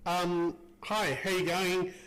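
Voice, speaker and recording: A man's voice: sits high, flat delivery, takes it slowly, a bit bright, faint music behind, rough recording. A man hosting a casual live stream as an equine therapist, chatting and greeting viewers by name with easy laughs. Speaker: livestream host, equine soft tissue therapist.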